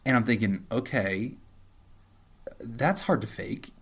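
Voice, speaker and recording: A middle-aged man who co-hosts a podcast as a therapist, telling a story with an animated delivery. He switches into the voices of the people he quotes, and his pitch jumps widely as he goes. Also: slow pace, creaky, husky. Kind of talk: casual storytelling chat.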